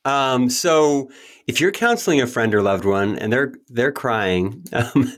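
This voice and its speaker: A man's voice: medium pitch, lively intonation, measured pace. Chatty self-deprecating male podcast host. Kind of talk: casual interview chat.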